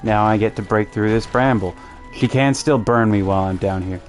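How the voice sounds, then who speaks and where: A man's voice: fairly low pitch, moderate pace, faint music behind. A young man from Canada chatting casually while streaming a game, laid-back and rambling, often restarting his sentences and chuckling. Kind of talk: casual gaming commentary.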